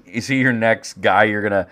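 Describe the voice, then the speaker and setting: A man co-hosting a casual podcast, talking in a profane, excitable way and breaking into loud rants. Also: on the low side, moderate pace. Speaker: podcast co-host.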